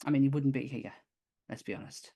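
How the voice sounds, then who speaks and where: A woman co-hosting a podcast in a casual chat, lively and quick to laugh. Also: extremely low pitch, gravelly, slightly rough. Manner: lively, laughs often, exclaims. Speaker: podcast co-host.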